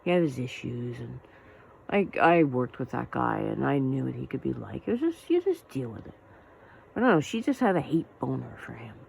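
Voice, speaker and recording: A woman's voice: a bass voice, very animated, normal speed, creaky, darkish tone, slight background noise, rough recording. A woman in her forties telling a personal story to camera, blunt and profane, getting worked up as she talks. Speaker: vlogger.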